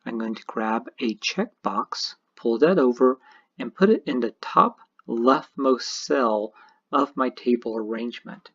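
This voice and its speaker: A programming teacher narrates a screencast at an unhurried pace, explaining every step in a methodical way. The voice is somewhat husky, and the recording sounds dull and lo-fi. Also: mid-range voice.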